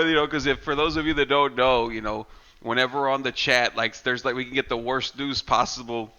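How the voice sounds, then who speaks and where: A man's voice: medium pitch, a little fast, sharp tone, lo-fi sound. A man co-hosting a casual horror movie podcast, swearing freely and acting out scenes in silly voices. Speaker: podcast co-host.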